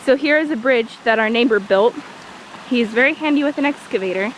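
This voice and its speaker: A woman's voice: fairly high pitch, low-quality recording. A teenage girl vlogging as she walks through a forest outdoors, chatty and self-mocking, with jokey asides, filmed on a handheld device. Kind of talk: walking tour vlog. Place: small forest by a creek, outdoors on a windy day. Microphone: handheld iPod camera. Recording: wind noise and a rushing creek.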